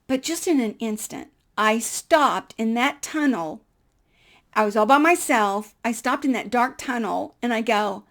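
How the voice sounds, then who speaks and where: Bright, gravelly woman storyteller. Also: on the high side, a little slow. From United States. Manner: lively, animated storyteller who acts out dialogue. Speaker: vlogger. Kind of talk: personal storytelling.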